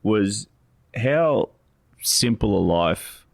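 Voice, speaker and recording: A man's voice: lowish voice, animated, very slow, creaky, no room sound. A man, co-hosting a podcast in a loose, rambling chat full of restarts and fillers. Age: 40s. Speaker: co-host, financial adviser.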